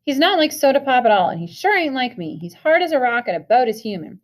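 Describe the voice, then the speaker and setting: A woman's voice: mid-range voice, animated, a little fast, natural voice. A woman voicing a hurt, bitter teenage boy in a storybook reading, blurting out his feelings.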